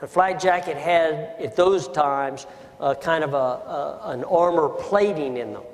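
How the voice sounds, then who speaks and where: An older man recounts his time as a Marine officer in a slow, deliberate oral-history telling, leaning hard on his words and circling back to repeat them. His voice sits a little high for a man. It rings with a long reverb over a faint bed of ambient noise. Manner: slow, deliberate, emphatic retelling with repetitions.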